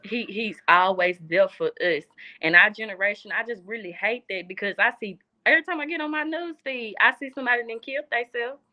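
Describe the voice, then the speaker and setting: This young adult guest talks briskly in a fairly high voice with a Southern US accent, earnest throughout a casual chat and repeating phrases for emphasis. The recording is muffled.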